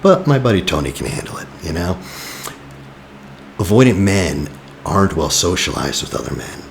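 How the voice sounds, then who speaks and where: A man with an extremely low, gravelly voice gives relationship advice in a loose, conversational way. He is blunt and a little teasing, peppering his points with "you know". A faint hiss sits under the voice. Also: big pitch swings, normal speed. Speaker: attachment coach. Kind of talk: casual advice talk.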